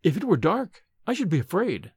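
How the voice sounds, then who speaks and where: A man voicing a frightened, pale young woman who speaks nervously and quietly. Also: high-pitched, big pitch swings, normal speed, breathy edge, no room sound, clean studio sound, exaggerated voice. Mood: fearful. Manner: nervous, hushed.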